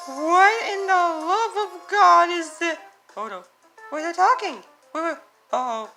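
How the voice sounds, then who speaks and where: A woman hosting her own reaction video, chatting casually and breaking into excitable, gasping exclamations. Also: very high-pitched, unhurried, soft background music. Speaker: reaction channel host.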